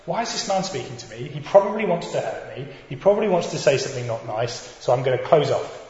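A man's voice: medium pitch, sing-song, fast talker, a little mellow, close to an everyday voice. A man voicing a wary, defensive woman at a well. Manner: retelling a scripture dialogue in plain voice. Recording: dull echoey hall with faint noise.

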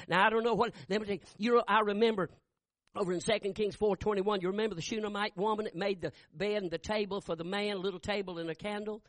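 An older man preaching a revival sermon, telling folksy stories and rising into fervent shouts. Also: high-pitched, fairly even intonation, fast, no echo.

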